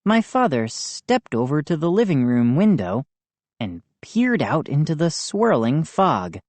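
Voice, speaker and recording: A woman narrating a children's horror audiobook in a measured storytelling manner. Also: deep voice, very animated, a little mellow, dry recording. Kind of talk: audiobook reading.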